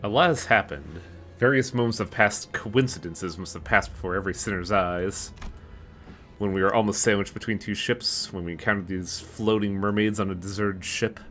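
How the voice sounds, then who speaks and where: A man's voice: fairly low pitch, normal speed, a bit bright, a little hiss or hum. A man streaming a game, chatting casually and reading the game text aloud. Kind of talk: casual let's-play commentary.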